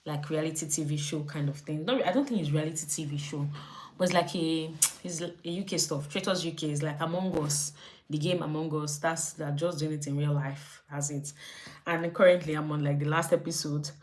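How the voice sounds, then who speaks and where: On a live stream, a young lifestyle streamer with a Nigerian accent chats casually, animatedly acting out her own reactions. Her voice is low-pitched and she talks a little fast.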